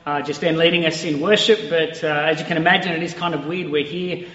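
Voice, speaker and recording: A man's voice: fairly high pitch, fairly even intonation, brisk, a bit bright, echoey room, long reverb tail, lo-fi sound. A man preaching an online sermon to a camera in an empty church, talking in a conversational, reflective way. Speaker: pastor. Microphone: facing a camera.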